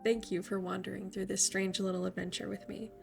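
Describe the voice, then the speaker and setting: A woman narrating a bedtime story in a soft, soothing way. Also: mid-range voice, little pitch movement, brisk, vocal fry, faint music behind.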